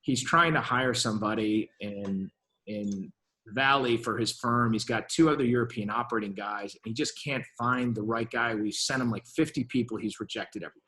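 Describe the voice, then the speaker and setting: A man in his fifties talks as a venture capitalist guest in a conversational interview. His voice sits at an ordinary middle pitch for a man. He tells stories with lively energy, acts out quoted exchanges, and often restarts his sentences. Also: moderate pace. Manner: lively storyteller who acts out quoted dialogue, with frequent restarts.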